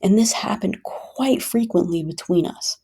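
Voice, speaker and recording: A woman's voice: medium pitch, lively intonation, measured pace, vocal fry, warm tone, slightly rough. A woman telling her own story in a venting vlog, talking emphatically and repeating points for stress. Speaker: vlogger.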